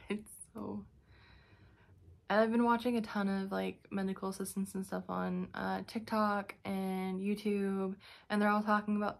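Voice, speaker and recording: Chatty young woman with a gravelly edge. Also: medium pitch, flat delivery, a little slow. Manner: chatty, exasperated storytelling with sighs and fillers. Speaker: vlogger. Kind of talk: casual vlog update.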